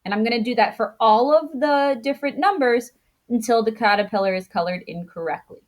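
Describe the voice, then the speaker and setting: A woman teacher giving a grammar lesson to children. She explains patiently step by step, corrects herself as she goes and acts out intonation with big jumps in pitch. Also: a little fast. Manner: self-correcting, thinks aloud.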